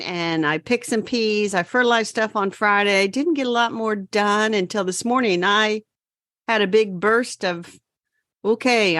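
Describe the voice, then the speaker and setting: A woman's voice: mid-range voice, fairly bright tone, no echo, clean studio sound. A woman co-hosting a gardening podcast, chatting casually and running through her week's garden chores. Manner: chatty, brisk gardening updates. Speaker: podcast co-host. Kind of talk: casual chat.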